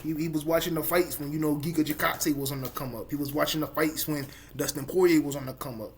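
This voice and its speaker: A man hosting a casual fight-sports podcast, excitable and joking, talking in loose slang. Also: on the high side, fast talker, slight background noise. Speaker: podcast host. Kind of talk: casual chat.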